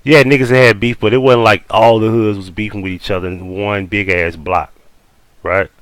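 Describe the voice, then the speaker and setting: A man's voice: on the low side, steady tone, normal speed, a bit bright, no room sound, low-quality recording. A man with a New Orleans accent giving casual commentary on a video. He argues bluntly, swears often and corrects what he hears. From Louisiana. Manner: blunt, profane, argumentative. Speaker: host reacting to a video.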